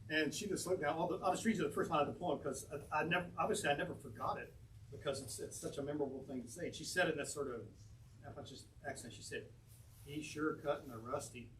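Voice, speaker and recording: A man's voice: a little high, rapid-fire, fairly bright tone. A man from North Carolina, a poet answering audience questions at a bookstore event, telling anecdotes in a rambling way and chuckling often. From North Carolina, USA. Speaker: poet presenting his book. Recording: distant mic, noisy room.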